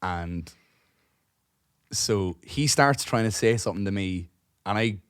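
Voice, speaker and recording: A man's voice: lowish voice, lively intonation, takes it slowly, clear, resonant tone, no echo, studio quality. A man, co-hosting a podcast, rambling through a long anecdote, swearing freely and acting out the other people's lines. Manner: rambling, swears a lot, acts out dialogue; restarts and trails off while telling stories. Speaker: podcast co-host. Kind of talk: casual chat, long anecdote.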